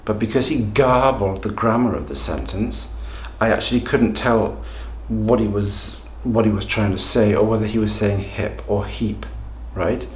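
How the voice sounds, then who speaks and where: A man, hosting a language-learning video lesson in a deliberate, emphatic way, often checking in with tag questions. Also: fairly low pitch, darkish tone, echoey room. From Britain. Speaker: language teacher, channel host.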